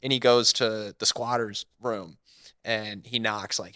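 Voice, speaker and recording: Bright-voiced man telling a lively story. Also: on the low side, unhurried, no echo. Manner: animated, lively storyteller acting out quotes. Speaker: guest comedian. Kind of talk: casual podcast storytelling.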